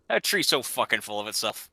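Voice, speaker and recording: Man gaming with friends, very bright voice, lively pitch, dry close sound. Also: dry recording. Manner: rambling, self-mocking, laughs often. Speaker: gamer. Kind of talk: casual gaming chat.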